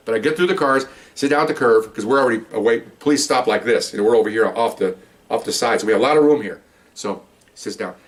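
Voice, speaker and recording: Older retired cop rattling off a story quick, chatty, goes off on side tangents. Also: male voice, mid-range voice, a bit bright. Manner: conversational, rambling, with many asides. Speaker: retired police officer. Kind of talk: storytelling monologue.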